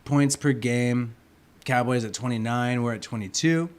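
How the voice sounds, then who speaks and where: A man hosting a casual sports livestream, rowdy and profane, swinging from loud to soft, with a sore throat. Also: medium pitch, fairly even intonation, moderate pace. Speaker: livestream host.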